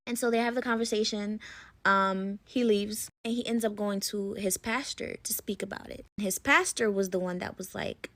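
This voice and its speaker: A young woman casually telling a story to her viewers, chatty and full of fillers, sometimes dropping to a hush. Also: a little high, normal speed, dry recording. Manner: chatty, lots of "like" and "you know", drops into hushed tones. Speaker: storyteller in a short clip.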